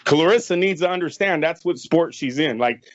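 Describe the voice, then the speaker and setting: Brief: male co-host, blunt and cursing, slightly raised pitch; dull call audio. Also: expressive, moderate pace, no room sound. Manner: blunt, emphatic, curses freely. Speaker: podcast co-host. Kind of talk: casual sports podcast chat.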